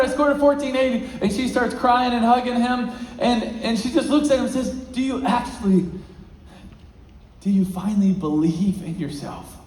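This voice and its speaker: A man giving a motivational talk as a featured speaker, telling a story and swinging between hushed and loud, excited passages. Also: high-pitched. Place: large event hall. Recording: echoey hall.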